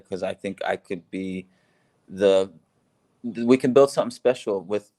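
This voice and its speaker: A man's voice: on the low side, measured pace, pauses often, warm tone. A man co-hosting a casual conversation, upbeat and enthusiastic, laughing easily. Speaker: co-host, expat living in Laos.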